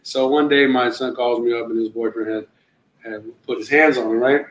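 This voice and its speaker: A middle-aged man, a comedian, telling stories in loose, profane, animated fashion during a casual podcast chat. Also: mid-range voice, fairly quick, reverberant, poor audio. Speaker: comedian guest.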